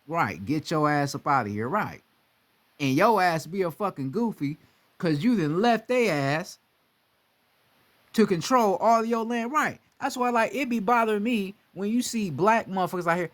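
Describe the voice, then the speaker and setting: Profane, animated young man ranting. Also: high voice, normal speed. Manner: profane, animated, mimics voices. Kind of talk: casual monologue.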